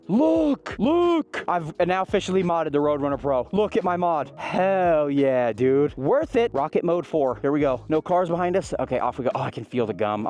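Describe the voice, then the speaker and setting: A young man vlogging outdoors while riding an e-bike up a mountain road, talking to a helmet camera in an excitable, exclamatory, chatty way. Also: fairly high pitch, a little hiss or hum.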